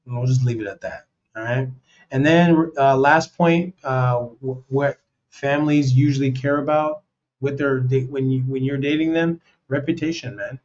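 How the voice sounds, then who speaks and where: Speaking at normal speed with fairly even intonation, an American host with a medium-pitched, slightly mellow voice gives loose, blunt advice in a monologue. He's slangy, says "man" and "you know" often, and acts out quoted voices. The recording is dull and lo-fi.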